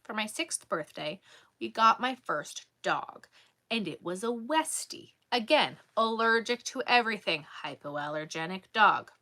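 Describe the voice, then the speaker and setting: A woman vlogger casually telling a story in an animated, exasperated way. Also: medium pitch, a little slow. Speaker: crochet vlogger.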